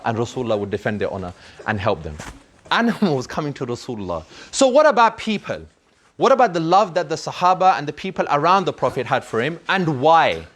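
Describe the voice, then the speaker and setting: A man's voice: on the high side, a little hiss or hum. Earnest man telling a children's story. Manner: earnest and emphatic, repeats words for effect.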